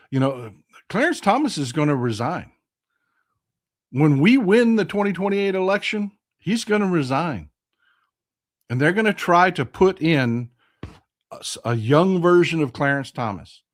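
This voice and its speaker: A man with a Texan drawl delivers political commentary in a vlog, his somewhat high voice rising and falling with lively swings. He talks bluntly and passionately, swears freely, and hammers his points home by repeating phrases. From Texas. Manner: impassioned, blunt and profane, repeats phrases for emphasis. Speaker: host.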